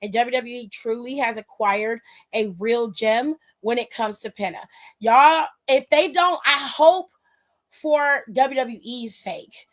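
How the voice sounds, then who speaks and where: A woman hosts a wrestling aftershow on a live stream, reading viewer comments aloud and giving casual, emphatic, profane commentary. Her voice is slightly high and her delivery slow.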